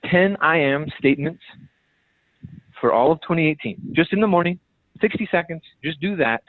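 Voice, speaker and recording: A man's voice: on the high side, animated, moderate pace, no room sound. A man leading his sales team on a call, giving an emphatic, direct motivational coaching talk that repeats key phrases. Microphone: phone. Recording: tinny phone-line conference call.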